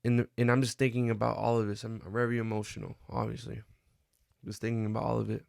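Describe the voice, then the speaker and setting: A young man vlogging a personal reflection, talking in a halting, earnest way with many restarts and fillers. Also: lowish voice, little pitch movement, creaky, a little mellow, dry recording, studio quality.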